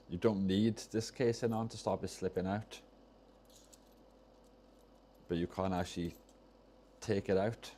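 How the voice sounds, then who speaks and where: While soldering during a laid-back livestream, a streamer who repairs controllers wanders through his thoughts, often trailing off and picking them back up. His voice is very deep, soft, and mellow, with a faint hiss underneath.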